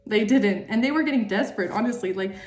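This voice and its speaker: A woman's voice: mid-range voice, fast talker, darkish tone, echoey room. A woman giving a tarot reading monologue, emphatic and repetitive, swearing freely. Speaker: tarot reader.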